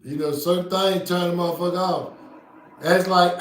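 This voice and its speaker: A man hosting a podcast, telling a story in casual, profane chat with loud outbursts. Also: sits high, steady tone, normal speed. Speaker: podcast host. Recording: roomy echo.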